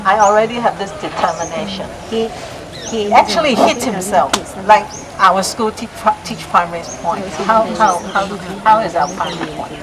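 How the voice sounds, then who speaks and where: A woman's voice: mid-range voice, moderate pace, a crowd in the background. A woman Zen teacher giving a dharma talk outdoors, telling a story with frequent "you know" fillers. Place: outdoor park. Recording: noisy outdoor recording.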